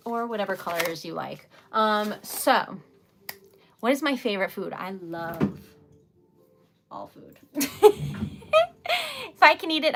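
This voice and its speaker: Giggly, chatty woman streamer. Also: medium pitch. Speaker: livestream host and poet. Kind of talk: casual livestream chat. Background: typewriter clacking.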